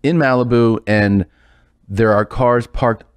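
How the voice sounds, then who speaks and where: A man's voice: medium pitch, takes it slowly, clean tone, no room sound. A man casually telling a funny story, acting out the voices of the people in it and laughing as he goes. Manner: animated, acts out quotes, laughs through story. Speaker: storyteller guest.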